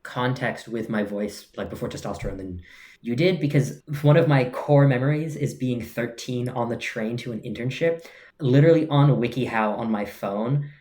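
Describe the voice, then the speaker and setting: A man's voice: medium pitch, moderate pace, a little mellow. A man co-hosting a podcast, asking curious questions and explaining things plainly in casual chat. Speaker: podcast co-host. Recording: roomy echo.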